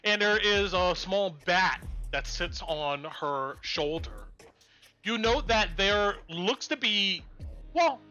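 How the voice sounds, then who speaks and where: A man's voice: high-pitched, lively intonation, slow, bright, forceful tone, faint music behind. A man narrating as game master of a tabletop game, rambling with lots of likes and ums.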